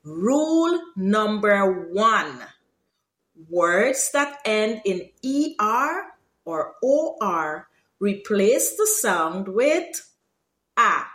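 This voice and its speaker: A woman from Guyana with a Guyanese accent, teaching her Creolese accent in a casual lesson, explaining slowly and jumping into high, lively example phrases. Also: reverberant. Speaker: language teacher.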